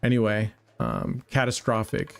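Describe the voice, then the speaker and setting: A man's voice: fairly low pitch, wildly swooping pitch, normal speed, vocal fry, soft background music. A man hosting a casual live stream, telling stories bluntly with heavy swearing, rambling through fillers and restarts. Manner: blunt, heavily profane storytelling. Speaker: roulette livestream host.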